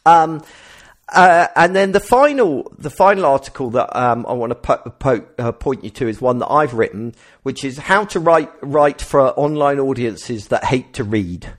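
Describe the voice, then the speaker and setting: Guy hosting a podcast, lively up and down voice, rambly, keeps correcting himself. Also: mid-range voice, moderate pace. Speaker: podcast host. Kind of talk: casual podcast chat.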